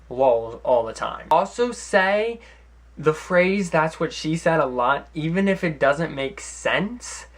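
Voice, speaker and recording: A young man hosting a comedy vlog from home, giving mock advice in a deadpan, sarcastic way with rambling asides. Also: on the high side. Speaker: vlog host. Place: at home, sitting in front of a camera.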